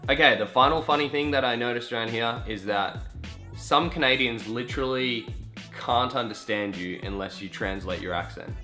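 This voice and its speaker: A man's voice: mid-range voice, moderate pace, bright, forceful tone, faint music behind. A young Australian man with an Australian accent telling casual stories in a vlog, chatty and swearing now and then. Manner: chatty, swears casually, acts out quoted voices. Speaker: vlogger.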